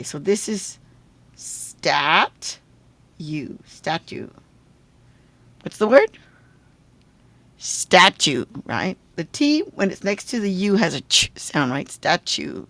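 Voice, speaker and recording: A woman's voice: lowish voice, sing-song, a little slow, fairly bright tone. A woman teacher giving a phonics lesson on video, patiently sounding out syllables and checking in with the viewer.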